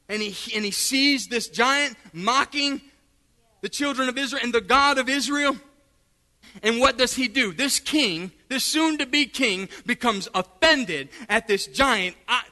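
A man preaching a fiery sermon, calling out to the congregation and shouting at the peaks. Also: extremely high pitch, in a large hall.

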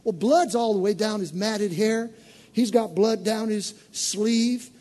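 A man preacher giving an animated, conversational sermon to a congregation in church. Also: high-pitched, slow pace.

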